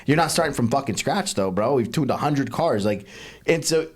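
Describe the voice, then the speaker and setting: A man's voice: medium pitch, expressive, moderate pace, husky. A man hosting a podcast, chatting casually and telling stories with plenty of swearing. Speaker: podcast host.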